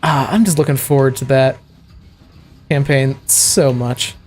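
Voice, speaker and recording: A man's voice: mid-range voice, a little slow, a little hiss or hum. A man from the American South streaming a video game, rambling in a chatty way with frequent laughs and fillers. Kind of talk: casual gameplay chat. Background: faint game music.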